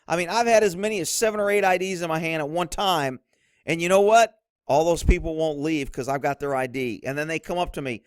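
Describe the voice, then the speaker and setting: A middle-aged man with a high-set voice explains police work in a blunt, instructive way. The recording is dry and close, with no room sound. He talks like a veteran who has seen it all. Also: brisk, no echo. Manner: blunt, instructive, drops low to mimic others. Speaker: commentator, former police officer. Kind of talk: commentary over police footage.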